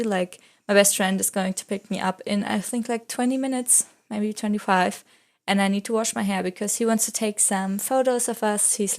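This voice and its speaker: A young woman's chatty voice-over in her second language, English, with a middle-pitched voice. She rambles from one story to the next and fills the gaps with "like". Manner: rambling storytelling, full of "like" fillers; non-native English speaker. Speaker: vlogger.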